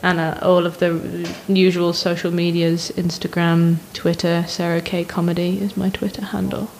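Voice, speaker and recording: A woman's voice: fairly low pitch, level tone, normal speed, gravelly, darkish tone, a little hiss or hum, low-quality recording. Playful comedian woman. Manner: playful, riffing jokes. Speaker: comedian guest. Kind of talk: casual chat.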